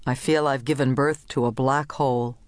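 A woman's voice: rumbling low, fairly even intonation, moderate pace, no room sound. A woman narrator voicing a middle-aged husband who talks in a wry, accusing way. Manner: sardonic, accusing.

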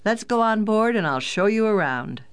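An audiobook narrator voicing a kind, teasing father who sounds calm and fatherly. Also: medium pitch, moderate pace, clean tone, pitched above the performer's own voice. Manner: calm, fatherly, gently joking. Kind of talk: audiobook character voice.

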